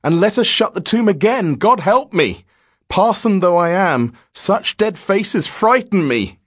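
A man's voice: high-pitched, big pitch swings, a little slow, husky, voice pushed up, full character voice. A man voicing a frightened village parson who gasps out panicky outbursts. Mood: panicked. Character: frightened middle-aged male village parson.

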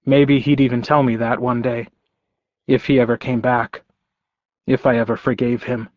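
A man narrating a story in first person with a measured, calm delivery. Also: medium pitch, no room sound, muffled recording. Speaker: audiobook narrator.

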